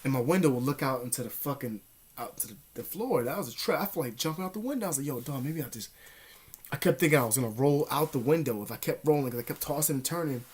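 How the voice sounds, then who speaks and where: A young man casually telling a story to his vlog audience, slangy and profane, animated, sometimes dropping to a whisper. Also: mid-range voice, fast talker, slightly rough. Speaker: vlogger.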